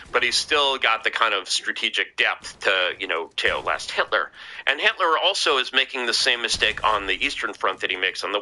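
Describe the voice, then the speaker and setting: Man guest on a talk show, low voice with a very bright edge, rambles and restarts a lot. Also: low-quality recording. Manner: rambling, heavy on fillers and restarts. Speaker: podcast guest. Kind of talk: casual conversation.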